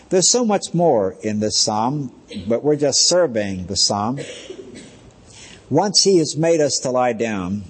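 A male pastor delivers a steady Bible lesson, drawing out the scripture lines he quotes. His voice has a husky edge, and a long reverb trails every phrase. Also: mid-range voice. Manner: calm, measured teaching with slow, weighty quotations. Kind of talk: Bible teaching sermon.

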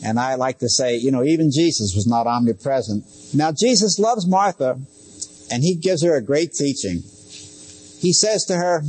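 A man's voice: medium pitch, lively intonation, moderate pace, a little mellow, breathy edge. A middle-aged man preaching a sermon as pastor, talking conversationally with asides and direct questions to his listeners.

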